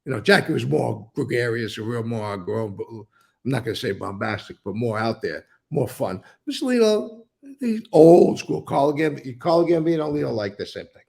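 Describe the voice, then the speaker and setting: A man's voice: medium pitch, sing-song, moderate pace, gravelly, darkish tone. An older man telling blunt, rambling stories in a casual interview, swearing freely. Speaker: interview guest.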